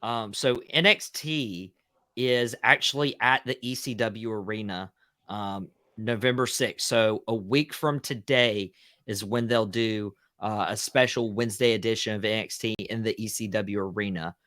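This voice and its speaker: Bright, crisp-voiced male podcast host. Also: on the low side, measured pace, no room sound, studio quality. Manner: casual, excitable, says "dude" a lot. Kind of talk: casual wrestling podcast chat.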